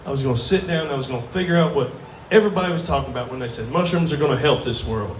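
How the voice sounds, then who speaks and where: A man's voice: medium pitch, rapid-fire, slight background noise. A man with a drawl doing a crude, self-mocking stand-up set on a bar stage before a live crowd. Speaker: stand-up comedian. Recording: roomy bar sound from a distant mic.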